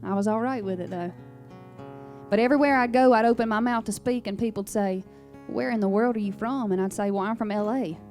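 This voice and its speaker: A woman's voice: on the high side, a little fast, a little mellow, soft background music. A young woman from Louisiana with a thick Southern accent, telling folksy, sassy stories between songs in a radio studio. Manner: folksy, sassy, down-home storytelling. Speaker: country singer. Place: radio station performance studio.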